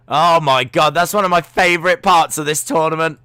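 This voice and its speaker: A man hosting a live football watch-along, reading out viewer comments and reacting with loud excitement to the play. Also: a little high, fairly quick, few pauses, clear, resonant tone, no echo, studio quality. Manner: reads viewer comments, excitable shouting at goals.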